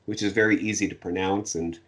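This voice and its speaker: Easygoing man, lowish voice. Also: fairly even intonation, a little fast. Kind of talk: casual chat.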